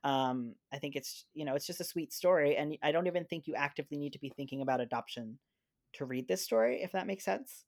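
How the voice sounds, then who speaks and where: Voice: medium pitch, fast talker, a little mellow, no echo, clean studio sound. A podcast host chatting casually about a children's book, with frequent laughter. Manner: chatty, with many fillers and restarts, often laughing. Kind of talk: casual chat.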